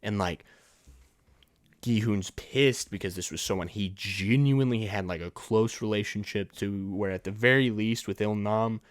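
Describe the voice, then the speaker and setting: A man's voice: on the low side, normal speed. A man hosting a solo film and TV review podcast, talking casually and ranting in exasperation, with laughs between points. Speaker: podcast host.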